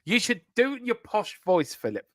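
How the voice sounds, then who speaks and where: A man's voice: high-pitched, sing-song, a little fast, a bit bright, dry recording, studio quality. A man hosting a casual live stream, jokey and teasing, reading viewers' chat aloud over a remote call. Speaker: livestream show host.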